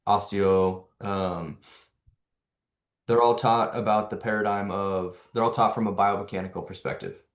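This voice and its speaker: Man, low voice, energetic neuro coach, talks through rhetorical questions, echoey room. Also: moderate pace. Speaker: neuro coach presenting to hosts. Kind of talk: animated explanatory talk.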